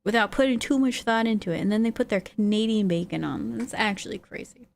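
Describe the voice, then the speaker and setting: A woman's voice: on the high side, brisk, gravelly. A woman streaming live, chatting casually and reacting to her chat's messages. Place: lives in the United States.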